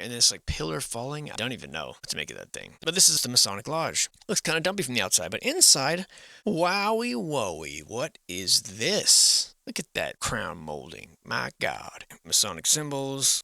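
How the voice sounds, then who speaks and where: Guy doing voice-over for his tour vlog, bright sharp tone, bouncy pitch, dry close mic, jokey n sweary. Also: vocal fry, no echo. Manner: musing, jokey, swears often. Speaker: vlogger narrating a historic town tour. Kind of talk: casual voice-over narration.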